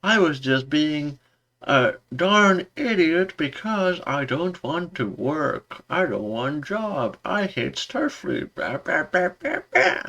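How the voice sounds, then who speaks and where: A man's voice: on the high side, big pitch swings, slow pace, pushed and bright, voice pushed up, exaggerated voice. A man mimicking a smug young woman officer in a sarcastic, whiny drawl.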